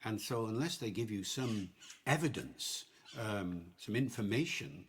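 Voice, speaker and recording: A man's voice: fairly low pitch, animated, unhurried, a little hiss or hum. An older man as a language professor guest, explaining patiently in a podcast discussion.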